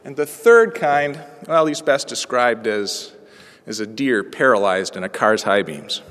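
A pastor in his forties preaching a sermon through a personal story, moving from hushed, quiet passages to ringing proclamation. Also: mid-range voice, animated, a little slow. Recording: long reverb of a large hall.

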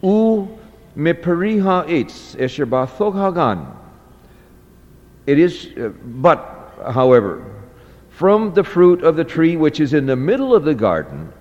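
A man teaching a class, reading a text aloud and explaining it slowly, with many fillers and restarts. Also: a little high, sing-song. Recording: dull audio with long hall reverb.

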